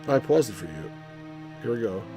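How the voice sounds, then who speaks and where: A man's voice: on the low side, very animated, normal speed, dark tone, soft background music. A man hosting a game stream, chatting casually and reading out game dialogue in put-on voices. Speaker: let's play host. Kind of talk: casual chat, reading game lines aloud.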